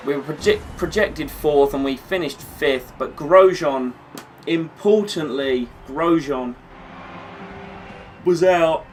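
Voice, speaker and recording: A man's voice: fairly high pitch, recorded from a distance. A man recapping a racing video game career race he just played, rambling and thinking aloud with fillers, tired after a long session. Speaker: gaming channel host.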